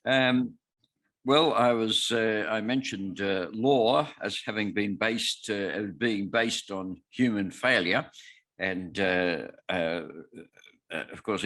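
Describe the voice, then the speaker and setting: Older Australian man, deep halting lecture voice. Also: fairly bright tone. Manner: halting, many filler sounds, dry humor. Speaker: guest speaker. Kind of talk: lecture on scripture.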